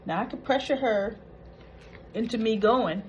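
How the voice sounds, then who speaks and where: A woman's voice: a little high, unhurried, highs cut off, slight background noise. Chatty woman recapping a soap. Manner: chatty, retells scenes acting out quoted lines. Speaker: soap opera recap host. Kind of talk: casual spoken episode recap.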